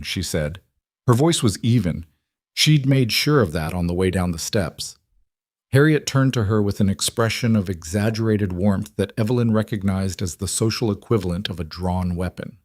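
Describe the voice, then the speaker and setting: A man narrates a frontier story in a measured, even storytelling manner, and his voice sits on the lower side. The recording is dry and close, with no room sound. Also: dry recording.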